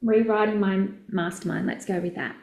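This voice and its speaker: A woman's voice: mid-range voice, steady tone, normal speed, a little mellow, reverberant. A woman, a business coach, chatting casually and effusively with viewers during a live session, rambling and correcting herself as she goes.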